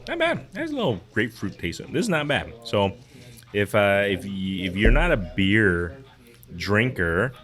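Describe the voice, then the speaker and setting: A man's voice: on the low side, sing-song, moderate pace, fairly bright tone. A man co-hosting a fishing podcast from a brewery, chatting casually with a rambling, laid-back manner. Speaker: podcast co-host. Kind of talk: casual chat. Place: brewery taproom.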